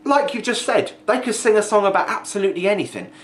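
A man's voice: high voice, lively intonation, quick pace, slight background noise. Sweary, mocking man ranting. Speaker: video ranter. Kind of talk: angry vlog rant.

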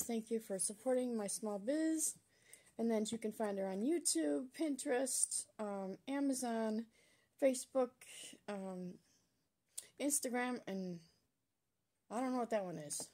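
A woman's voice: a little high, dark tone, slight background noise. A woman hosting a craft channel, chatting casually and gushing as she unboxes craft supplies. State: out of breath. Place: at a table at home.

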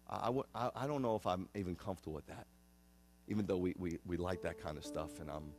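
A man in his fifties, a rabbi, preaching a conversational sermon in an earnest way, often repeating and restarting phrases. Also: low-pitched. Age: 50s.

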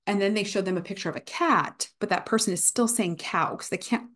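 A woman's voice: medium pitch, fairly quick, fairly bright tone. A young woman giving a casual university guest lecture, with many fillers, now and then acting out examples of speech errors.

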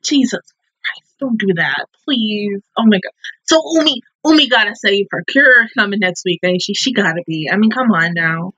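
A woman hosting an anime reaction video, talking in a husky, breathy voice with loose slang and plenty of swearing. Her reactions come out emotional and exclaiming. The sound is dry and a bit dull and lo-fi. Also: mid-range voice, lively intonation, moderate pace, sharp tone, dry recording. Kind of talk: casual reaction commentary.

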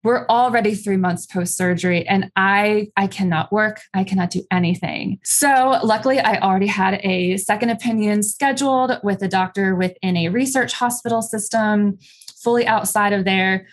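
Woman guest, mid-pitched, candid and matter-of-fact storyteller, sprinkles in ums. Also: moderate pace. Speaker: interview guest. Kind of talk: personal storytelling.

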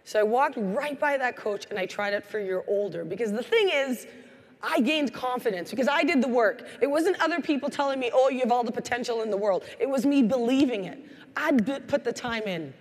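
Energetic woman speaking in a reverberant hall. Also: fairly high pitch, a little fast. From Canada. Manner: energetic storytelling, acting out quoted voices. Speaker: keynote speaker. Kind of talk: motivational keynote speech. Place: large hall.

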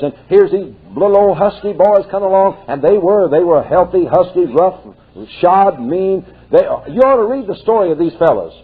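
A man's voice: high voice, lively intonation, moderate pace, breathy edge. An older male preacher telling folksy stories in a sermon and rising to fervent exclamations. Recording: tinny lo-fi tape.

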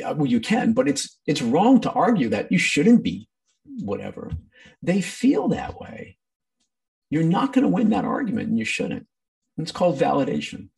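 A man's voice: medium pitch, vocal fry, darkish tone, distant mic. A man teaching a training session in a conversational way, with many ums and acted-out quotes. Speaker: workshop presenter.

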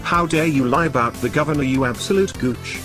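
A man's voice: mid-range voice, fairly quick, over music. A man in a scripted comedy sketch, ranting and boasting with constant swearing. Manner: foul-mouthed, ranting, boastful. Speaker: comedic host playing an angry game collector.

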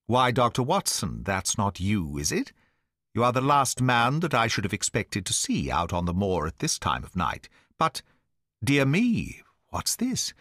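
A sly, nervous male naturalist, read by a man in an audiobook, politely probing while hiding his alarm. His pitch swings in a lively way. The sound is dry and close. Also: a little slow, no echo, heavily acted. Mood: wary. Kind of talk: audiobook dialogue reading.

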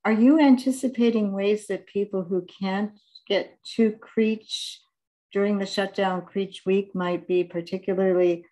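A woman moderating a panel, speaking in a reflective, measured way. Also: mid-range voice, fairly even intonation, warm tone, rough recording. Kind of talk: panel talk.

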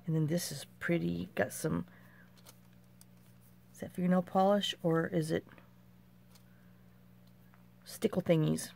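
A middle-aged woman with a low, gravelly voice chats through a pile of handmade craft mail. She exclaims over each little piece and mutters to herself as she goes, sometimes dropping to a near whisper. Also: fairly even intonation, takes it slowly, long pauses, darkish tone, slight background noise. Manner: chatty, talks to herself while handling items, exclaims often. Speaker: craft channel host. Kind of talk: casual show-and-tell of craft mail.

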